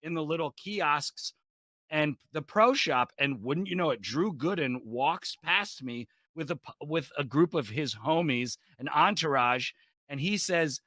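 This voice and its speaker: Brash bright-voiced male comic. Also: a little high, animated, unhurried, no echo. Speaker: comedian guest. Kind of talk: animated comic storytelling. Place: home, video call.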